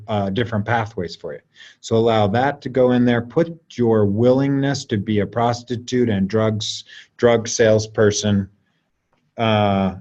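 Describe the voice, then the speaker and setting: Guy w a lowish voice leading a slow coaxing energy exercise, muffled video call sound. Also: darkish tone. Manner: slow, soothing, coaxing delivery with drawn-out pauses. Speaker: class leader.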